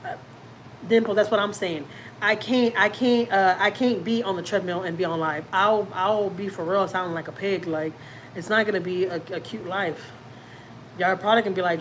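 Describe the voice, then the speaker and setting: A fairly quick woman's voice in the mid range comes through a rough recording with a little hiss or hum. Hosting a livestream from her Houston, Texas home, the family vlogger rambles, teases herself, and reads her viewers' comments out loud.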